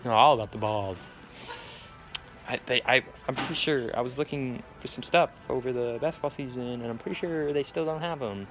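A man's voice: mid-range voice, fairly quick, few pauses, a bit bright. A young man filming a casual vlog with friends, joking, laughing and swearing. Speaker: vlogger. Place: shops and a park at night.

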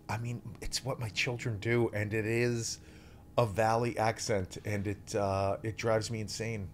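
A man's voice: fairly low pitch, measured pace, a little hiss or hum. Chatty rambling man in his forties. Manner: rambling, chatty, self-interrupting. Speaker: guest. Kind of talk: casual interview chat.

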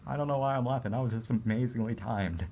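A man's voice: mid-range voice, fast, darkish tone, slight background noise. Chatty man commenting on a game. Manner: chatty, self-amused. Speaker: let's play commentator. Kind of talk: casual gameplay commentary.

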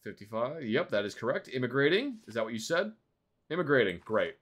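A man's voice: mid-range voice, very animated, brisk, a bit bright. A man streaming a game live, chatting in a playful, teasing way and bantering like a stern border official.

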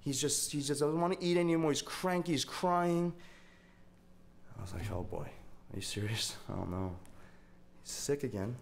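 A man's voice: fairly high pitch, lively intonation, normal speed, creaky. A young man preaching a sermon as a pastor, telling a story in a conversational way and repeating words as he gets going.

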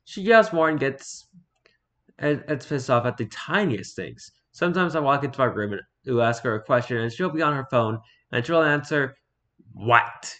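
A man reading online stories aloud in a casual, halting way, stumbling over words and breaking off to comment. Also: mid-range voice, animated, a bit bright. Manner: reads haltingly, stumbles and repeats words, then comments offhand.

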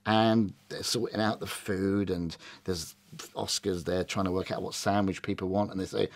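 A man's voice: on the low side, moderate pace. A middle-aged man, reviewing a film in casual chat and acting out lines from it. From Britain. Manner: animated, acts out quoted lines in varied voices.

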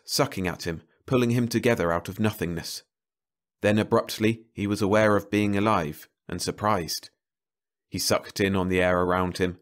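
This audiobook of a science fiction novel is narrated by a man whose voice is on the low side, delivering the story slowly and evenly.

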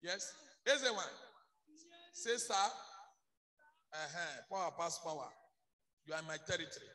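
A man with a Nigerian accent, a pastor leading a deliverance prayer session with repeated shouted commands. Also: a little high, expressive, measured pace. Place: church service. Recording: roomy church hall with faint music.

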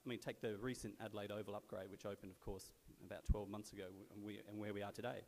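Australian man, forties, low-ish voice, wry storytelling speech, long hall reverb. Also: a little mellow. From South Australia. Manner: conversational, wry storyteller with frequent fillers. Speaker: guest speaker at a club luncheon. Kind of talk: anecdotal after-dinner speech. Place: large event venue in a sports stadium.

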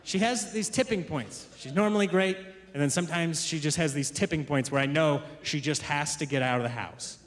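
A male stand-up comedian telling animated stories to a live audience. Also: on the high side, normal speed. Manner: animated storytelling. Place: comedy club stage. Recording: echoey venue with audience noise.

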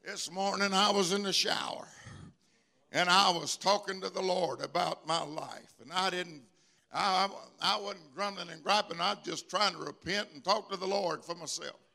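A man preaching in a church with a high, gravelly voice. His tone is bright and cutting, and he hammers phrases again and again. He climbs from low, intimate talk to emphatic shouts. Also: steady tone, normal speed. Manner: emphatic and repetitive, swelling into shouts. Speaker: bishop and pastor. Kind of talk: live church sermon. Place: church sanctuary with congregation.

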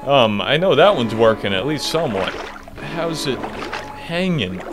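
A man's voice: mid-range voice, big pitch swings, measured pace, loud music behind the voice. A young man giving casual, jokey gameplay commentary, rambling and laughing often. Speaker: gaming video host.

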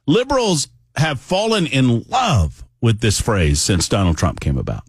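A male talk radio host delivers a political monologue in a conversational, emphatic way, drifting into asides as he goes. His pitch swings widely and animatedly while he stays at a middle register. The sound is dry and close, with no room around it. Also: very animated, measured pace, breathy edge, no room sound.

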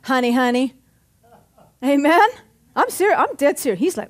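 A woman's voice: high voice, big pitch swings, normal speed. A middle-aged woman pastor preaching a sermon in a church, punchy and joking, often calling out for an amen. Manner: punchy, joking, calls for amens.

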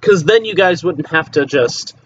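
A man's voice: a little high, expressive, measured pace, dull audio, slight background noise. A teenage boy vlogging at home, chatting casually and offhandedly, rambling, swearing now and then and trailing off into mutters, recorded on a laptop microphone. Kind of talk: casual rambling chat to camera.

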